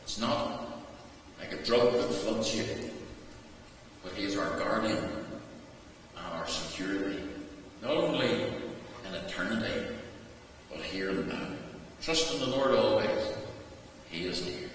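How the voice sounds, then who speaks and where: A man, a rector, preaching a sermon in a measured, emphatic way, with repeated refrains. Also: fairly low pitch, lively intonation, fairly bright tone. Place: large stone church. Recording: echoey church from far off.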